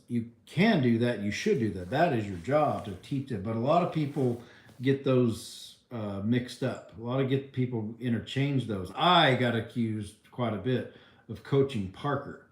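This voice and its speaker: A man's voice: mid-range voice, expressive, measured pace, reverberant. A man hosting a livestream, reading viewer comments and answering in a rambling, wry way full of ums and restarts. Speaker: livestream host answering chat.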